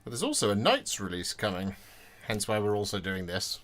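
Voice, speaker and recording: A man with a lowish, fairly bright voice streams himself building models, talking a little fast with huge swings in pitch. He greets the audience, reads chat out loud and is chatty and self-deprecating throughout.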